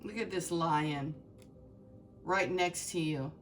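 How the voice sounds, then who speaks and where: A woman's voice: sits low, slow, far from the mic, soft background music. A woman giving a heartfelt, emotional tarot reading, speaking straight to her viewers with many fillers and restarts. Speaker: tarot reader.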